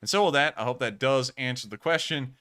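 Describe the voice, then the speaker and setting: An American man hosts a live stream, answering viewer questions in a chatty, rambling style and frequently correcting himself. His voice is medium-pitched and fairly bright, and he talks briskly.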